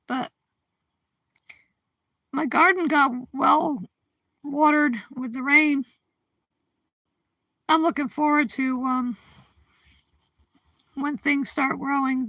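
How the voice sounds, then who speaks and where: Woman streamer, high and sharp-toned, giggly and a little sleepy, casual chat to viewers. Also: dry recording. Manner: chatty and giggly, greeting viewers by name; drowsy, yawning. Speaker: livestream host.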